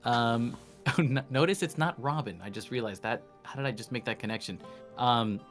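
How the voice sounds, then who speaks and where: A man's voice: mid-range voice, moderate pace, a bit bright, soft background music. A young man, a voice actor, chatting casually as an interview guest, laughing often and slipping into character voices.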